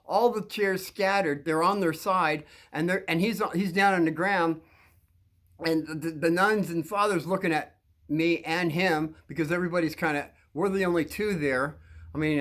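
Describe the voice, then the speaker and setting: A man's voice: on the high side, fairly bright tone. A man telling a long story from his school days to young listeners, rambling with frequent restarts and repeated words.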